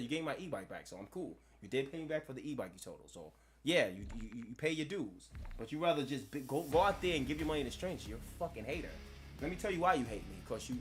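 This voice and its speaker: A brash man mocks and trash-talks as he rants on his live stream, slightly high-pitched for a man. He laughs at his own jokes while game music and gunfire play loudly underneath. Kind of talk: ranting storytelling on a live stream.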